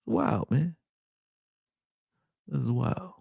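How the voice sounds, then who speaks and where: A man's voice: medium pitch, extremely slow, gravelly, slightly rough, dry recording, muffled recording. A young man hosting a casual, profane breakdown of football game film, talking straight to his viewers. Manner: animated, profane, exasperated, talks to viewers as y'all. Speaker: sports channel host breaking down game film. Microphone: close desktop mic, screen sharing.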